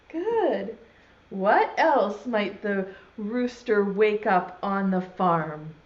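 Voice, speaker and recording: A woman teaching a virtual preschool lesson, talking slowly and in an exaggerated, sing-song way to small children and signing words as she goes. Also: mid-range voice, expressive. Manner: uses sign language alongside speech. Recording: dull lo-fi sound.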